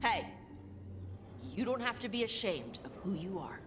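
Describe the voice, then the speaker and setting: A woman's voice: medium pitch, sing-song, moderate pace, background noise, natural voice. An actress playing a blunt, earnest young woman warrior in a video game. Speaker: game character.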